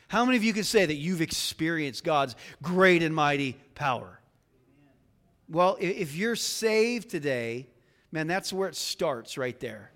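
A man's voice: high voice, lively intonation, measured pace, fairly bright tone. A male pastor preaching a casual, conversational sermon in a church, chatty and joking, with lots of fillers and restarts. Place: church sanctuary. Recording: long church reverb.

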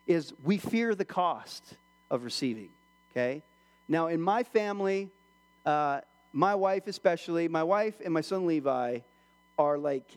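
A man preaching a sermon in church, joking with the congregation and acting out voices in his stories. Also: on the high side. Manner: animated, acts out quoted voices, jokes with the congregation. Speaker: pastor.

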